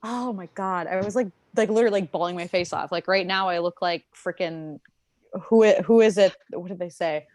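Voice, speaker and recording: Lower-voiced chatty woman, dry sound. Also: a little fast, no room sound. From Minnesota, USA. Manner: animated, laughing storyteller, many "like" fillers. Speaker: podcast co-host. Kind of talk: casual chat.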